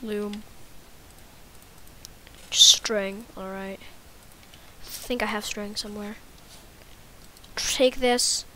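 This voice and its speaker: A woman's voice: mid-range voice, steady tone, very slow, long pauses, bright, forceful tone, slight background noise. A woman giving casual, rambling, self-mocking commentary while playing a video game. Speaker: gaming YouTuber.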